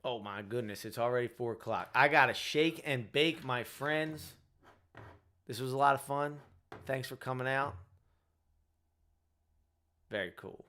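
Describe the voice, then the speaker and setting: A man's voice: mid-range voice, measured pace, long pauses, pushed and bright. Tired, rambling man hosting a livestream. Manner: rambling, full of "like" and "you know". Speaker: host. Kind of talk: casual livestream chat.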